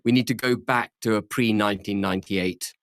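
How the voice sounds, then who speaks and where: A man's voice: lowish voice, fairly even intonation, a little fast, fairly bright tone, no echo, clean studio sound. A man, interviewed as a politician, arguing firmly and repeating key phrases for emphasis. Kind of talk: measured political argument.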